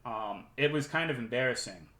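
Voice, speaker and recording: Male streamer, casual storytelling, profane, sarcastic, bright forceful voice, echoey room. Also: medium pitch, animated, moderate pace.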